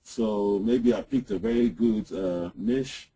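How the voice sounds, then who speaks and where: A man presenting software in an online webinar, walking through a screen-share demo with frequent "uh"s and "um"s over a computer mic. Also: on the low side, slow, husky, rough recording. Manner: hesitant, lots of "uh" and "um". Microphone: computer mic on an online call.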